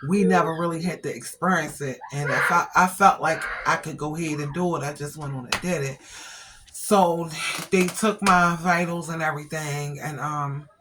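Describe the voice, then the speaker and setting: A woman's voice: sits low, steady tone, normal speed, noisy background. A woman vlogger chatting casually to her viewers, retelling her day with lots of quoted dialogue. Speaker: vlogger and family caregiver. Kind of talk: casual storytelling to camera.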